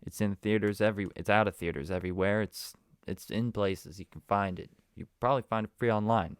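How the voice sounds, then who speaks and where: A man hosting a casual solo podcast, rambling along and breaking into sudden loud, emphatic bursts. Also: lowish voice, fairly quick, smooth, no echo, studio quality. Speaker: podcast host.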